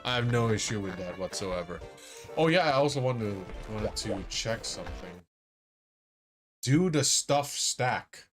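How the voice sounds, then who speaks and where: A man's voice: fairly low pitch, lively intonation, unhurried, music in the background. A man streaming a game live, chatting to his viewers in a rambling, self-mocking way and laughing often. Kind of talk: casual live-stream commentary.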